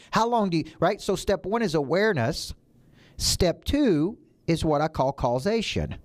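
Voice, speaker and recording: A man's voice: fairly high pitch, lively intonation, normal speed. A man who works as a business coach, giving a motivational talk with emphatic, punchy repeated phrases. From United States.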